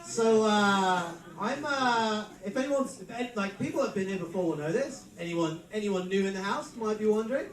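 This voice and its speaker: A man's voice: sits high, normal speed, hardly any pauses. An English man in his thirties hosting a live stand-up comedy show, telling dry, self-mocking stories and laughing as he goes. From England. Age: 30s. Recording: roomy live venue mic from a distance. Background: audience crowd reactions.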